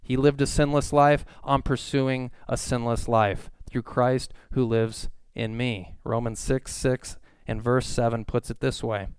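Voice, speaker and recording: A man's voice: mid-range voice, flat delivery, a little slow, few pauses, smooth, dry recording. A young man preaching a sermon as pastor, earnest and emphatic, building on repeated phrases. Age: young adult.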